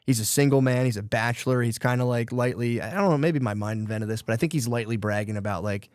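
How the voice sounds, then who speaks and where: Male podcast host, mid-pitched, loose and rambling, salty language, dry close mic. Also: fast, no room sound. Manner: loose, rambling retelling of a book plot, with profanity. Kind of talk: casual chat.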